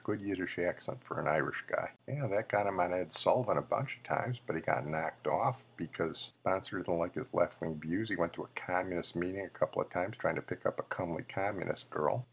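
A man's voice: sits low, vocal fry, breathy edge. A male podcast host giving opinionated, conversational commentary on a memorial show.

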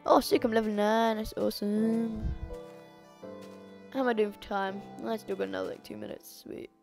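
Girl chatting while gaming, swears a lot, gravelly fry in her voice, faint music behind. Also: medium pitch, steady tone, normal speed. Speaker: gamer. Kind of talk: casual let's play commentary.

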